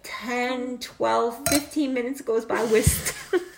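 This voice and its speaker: A middle-aged woman telling a casual anecdote, animated and laughing often, swearing freely. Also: a little high, takes it slowly, creaky, echoey room. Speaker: storyteller.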